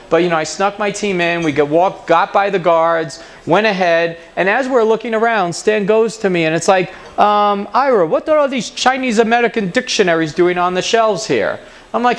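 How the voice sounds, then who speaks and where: A man's voice: sits high, slight background noise. A man giving a conference talk, telling an anecdote and mimicking the people in it. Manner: animated storyteller, mimics other people's voices in anecdotes. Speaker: conference speaker. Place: conference hall.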